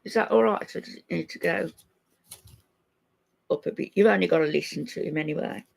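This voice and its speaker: A woman's voice: fairly low pitch, fairly quick, vocal fry, darkish tone, breathy edge. An older woman hosting a casual livestream, talking to her viewers in an indignant, scolding way. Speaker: livestream host.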